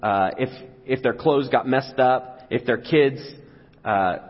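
Speaking slowly in a mid-range voice, this pastor delivers a relaxed, conversational sermon and sometimes imitates what the crowd might say. Long hall reverb surrounds a dull-sounding recording.

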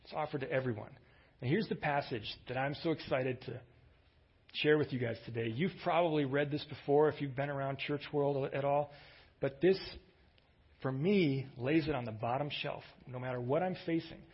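A man in the middle of a sermon, telling the story in an easy, conversational way and lifting his voice for emphasis. His voice has a husky edge, and the recording sounds dull and lo-fi. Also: mid-range voice, normal speed. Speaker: pastor.

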